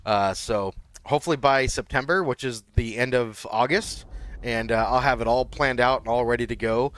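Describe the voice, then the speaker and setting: A man's voice: medium pitch, moderate pace, a bit bright. A man hosting a game livestream, chatting loosely with lots of fillers and restarts. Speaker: livestream host. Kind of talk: casual livestream chat.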